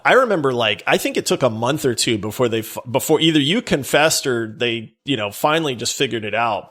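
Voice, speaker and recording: A man co-hosting a podcast, telling a story in an animated way, laughing and breaking into near-shouts. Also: mid-range voice. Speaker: podcast co-host.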